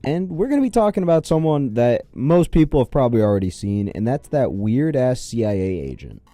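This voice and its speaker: A man's voice: mid-range voice, sing-song, a little fast, dark tone, dry recording. A young man hosting a reaction commentary video, sarcastic, profane and incredulous.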